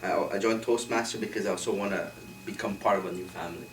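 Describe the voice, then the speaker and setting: A man's voice: deep voice, steady tone, fast. A man taking part in a workshop, answering in front of a group with hesitant speech and many fillers. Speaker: workshop participant. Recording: distant, echoey, with clear noise.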